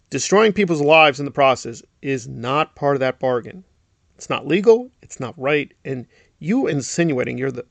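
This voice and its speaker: A man's voice: fairly high pitch, creaky, no echo. A middle-aged man giving a sarcastic, indignant commentary, often mocking others with put-on voices. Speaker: commentary YouTuber. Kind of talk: ranting commentary.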